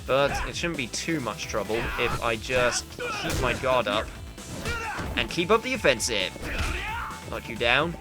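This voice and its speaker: A man's voice: medium pitch, sing-song, unhurried, over loud music. A man giving rambling, chatty commentary while playing a video game, now and then exclaiming at it. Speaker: gamer playing through a game. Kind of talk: let's play commentary.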